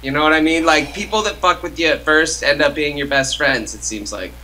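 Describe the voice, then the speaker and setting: Bright-voiced man telling a rambling story. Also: on the high side, brisk, poor audio. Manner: rambling, heavy use of "like" and "uh" fillers. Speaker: co-host. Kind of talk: casual chat, storytelling.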